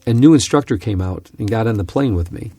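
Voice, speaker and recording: Gravelly, low-voiced male Bible teacher. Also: fast talker, dry recording, faint music behind. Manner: earnest, animated storyteller with frequent restarts. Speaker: Bible teacher and podcast host. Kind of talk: conversational teaching with storytelling.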